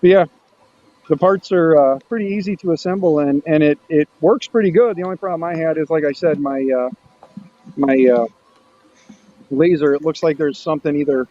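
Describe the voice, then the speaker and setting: A man hosting a casual maker hangout stream, chatting in a loose, rambling way. His voice sits a little high. The audio is muffled and lo-fi. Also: a little fast, slight background noise. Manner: rambling, restarts often. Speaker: host of a maker livestream. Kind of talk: casual chat.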